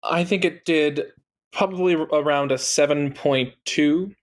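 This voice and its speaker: A man's voice: fairly high pitch, a little slow. A man co-hosting a casual podcast, chatty and mock-indignant when he loses. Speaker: podcast co-host. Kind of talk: casual chat.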